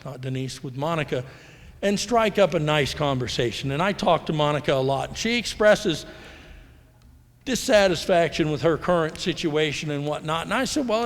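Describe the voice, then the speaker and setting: A middle-aged man from the United States giving a candid, rambling personal talk at a recovery convention, acting out the voices of people he quotes. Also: a little high. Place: large hall. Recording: live hall recording with long reverb.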